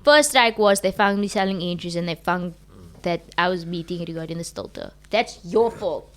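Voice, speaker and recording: A young woman hosting a podcast, telling a story in a frank, animated way and swearing freely. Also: on the low side, normal speed. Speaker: podcast host. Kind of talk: casual storytelling.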